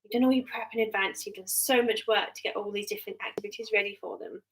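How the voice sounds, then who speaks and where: A woman's voice: medium pitch, steady tone, fast, rough recording. An English woman in her thirties chatting casually on a live stream, rambling with many ums and restarts. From England. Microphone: webcam or phone mic on a live stream.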